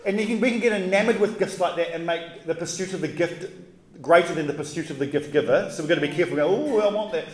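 A man preaching a casual, conversational sermon in relaxed, slangy talk with animated asides. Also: a little high, fast. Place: church. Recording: roomy echoey hall.

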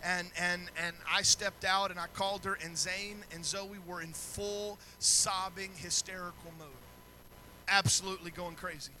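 Male pastor, middle-aged, sermon in a church, high voice, sharp bright tone, faint background noise. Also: fairly even intonation, normal speed, low-quality recording. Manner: builds from quiet storytelling to shouted preaching.

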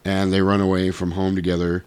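A man's voice: sits low, brisk, clear, resonant tone, dry recording. A man casually retelling a cartoon with crude, profane humor. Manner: profane, animated, lots of voices.

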